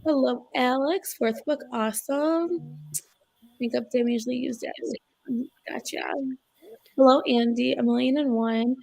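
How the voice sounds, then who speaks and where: A woman's voice: high voice, steady tone, unhurried, gravelly, darkish tone. A woman co-hosting a casual livestream on a video call, greeting viewers by name and reacting to their comments. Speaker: livestream co-host reading viewer chat.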